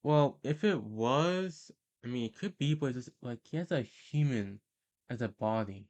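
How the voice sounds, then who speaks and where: A man's voice: mid-range voice, animated, normal speed, darkish tone. A man giving casual, rambling tier-list commentary, hesitating often and correcting himself mid-sentence. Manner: hesitant and rambling, many fillers and self-corrections. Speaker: video host ranking characters.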